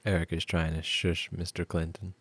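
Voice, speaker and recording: A man's voice: low voice, flat delivery, normal speed, a bit bright, slightly rough, no echo. A man chatting casually on a livestream in a rambling way, reading chat and cooing at his cat.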